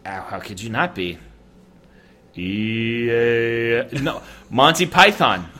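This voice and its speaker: A man's voice: medium pitch, slow pace, pushed and bright, a little hiss or hum. A man from the United States co-hosting a podcast, chatting casually and joking with frequent laughs. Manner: joking, laughs often, rambling. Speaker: podcast co-host.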